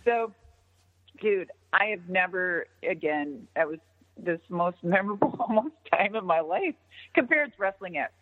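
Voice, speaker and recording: Animated woman telling stories over a tinny line. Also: on the low side, normal speed. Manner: animated, swears freely, acts out quoted dialogue. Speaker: interview guest, former wrestler. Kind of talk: casual storytelling interview. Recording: tinny phone-like line with long reverb.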